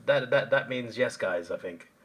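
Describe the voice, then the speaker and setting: A man's voice: medium pitch, normal speed, fairly bright tone, breathy edge. A man hosting a live stream, chatting casually and answering chat comments as he rambles.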